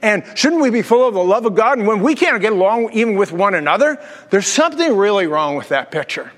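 High-voiced animated male preacher. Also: fairly quick, in a large hall. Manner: animated preaching with jokes and rhetorical questions. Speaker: pastor. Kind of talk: sermon.

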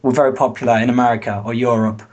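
A man with an average pitch explains things calmly in a casual conversation. He thinks aloud as he goes and fills the gaps with soft "um"s. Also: racing, muffled recording. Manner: relaxed and explanatory, with frequent "um"s. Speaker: guest.

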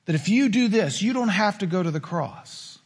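A man's voice: high voice, lively intonation, normal speed, husky. A man voicing a scheming male devil who coaxes and tempts, in a reverberant hall. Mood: coaxing. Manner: coaxing, persuasive.

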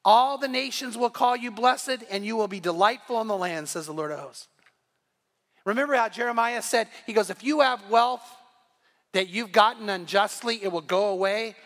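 A man's voice: sits high, big-room sound. A middle-aged male pastor preaching a sermon, telling stories with animation and acting out the voices of God and biblical figures. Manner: animated storytelling, voicing God and Bible figures. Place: church sanctuary.

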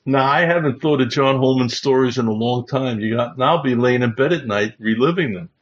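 Over dull lo-fi stream audio with slight background noise, a chaplain on his Bible livestream speaks briskly in a mid-range voice. He rambles through casual anecdotes, frequently starting over and chuckling while recalling them.

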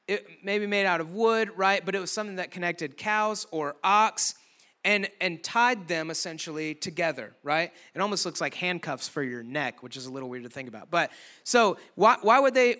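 A man's voice: on the high side, bright, forceful tone. A young man preaching a youth sermon to a room of students, casual and conversational with light humor. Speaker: youth pastor. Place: church room with a youth audience.

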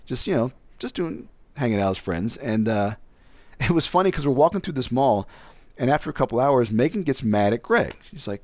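Young male storyteller, lively pitch, dry close sound, casual delivery. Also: normal speed, no room sound. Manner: animated, acts out other people's voices.

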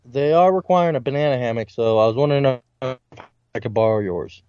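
Lively young man, dull lo-fi mic. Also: mid-range voice, a little fast, clean tone, no room sound. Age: 20s. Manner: laid-back, laughs easily. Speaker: podcast co-host. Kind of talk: casual beer-drinking podcast banter.

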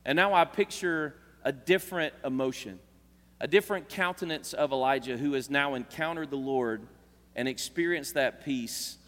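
A man's voice: mid-range voice, normal speed, fairly bright tone. A man preaching a sermon in an earnest, conversational way, often restarting his words. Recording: long reverb of a large hall.

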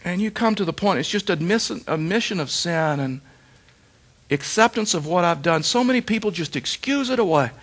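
Middle-aged guy preaching a sermon, slightly higher voice, keeps repeating lines for punch. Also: animated, normal speed, a bit bright. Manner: emphatic repetition, rhetorical questions. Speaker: pastor.

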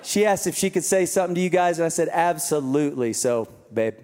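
A man speaking as a pastor, giving energetic, joking church announcements to a live congregation. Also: fairly high pitch, quick pace, slight background noise. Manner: energetic, joking, urging the crowd. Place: large church venue with a live audience. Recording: long reverb of a large hall.

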